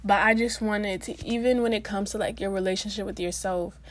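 A woman's voice: mid-range voice, steady tone, fairly quick, dry recording. A young woman vlogging in a casual, chatty way, full of slang and fillers, speaking straight to her viewers. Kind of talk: casual talk to camera.

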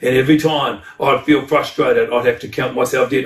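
A male pastor preaching a sermon, fervent, with repeated words and loud climbs. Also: mid-range voice, fairly even intonation, normal speed. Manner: fervent, rising to loud exclamations. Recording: echoey hall, mic at a distance.

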